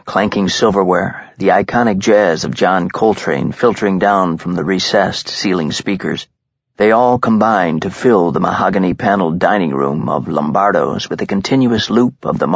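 A man narrates a crime thriller in a measured, tense tone, with a low voice that has a gravelly fry. His husky sound is dry and close, captured on a dull lo-fi recording. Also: dry recording. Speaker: audiobook narrator. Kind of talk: scripted dramatic narration.

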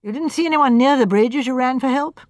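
A woman reading the part of a brisk, firm middle-aged male chief constable. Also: sits high, a little mellow, dry recording, clean studio sound, close to an everyday voice. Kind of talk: audiobook character voice.

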